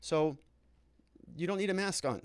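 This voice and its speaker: A man's voice: high voice, a little slow, clear, resonant tone, no room sound. Fired-up male host reading chat. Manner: animated, indignant, sarcastic asides. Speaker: lawyer and show host. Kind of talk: live commentary reading viewer chat.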